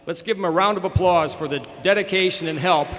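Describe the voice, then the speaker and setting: A man in his fifties delivers a formal graduation speech in a bright, forceful voice that sits a little high. He speaks in a measured, encouraging way at the podium, and his words ring out with a long echo through a large ceremony hall. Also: slight background noise. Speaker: school administrator giving a graduation address. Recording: echoey hall over a public address system.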